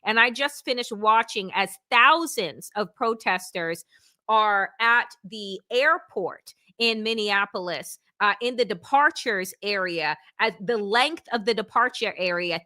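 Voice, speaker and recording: Woman host, bright clear voice, dry close sound, heated but chatty, reads headlines aloud. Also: medium pitch, measured pace, dry recording. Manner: impassioned, conversational, reads news aloud. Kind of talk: live political talk show.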